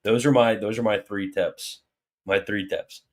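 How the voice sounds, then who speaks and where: A man's voice: lowish voice, steady tone, a little slow. A man hosting a casual livestream Q&A, reading viewer questions aloud and answering them with jokey mock alarm and then earnest explanation. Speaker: livestream host answering super chats.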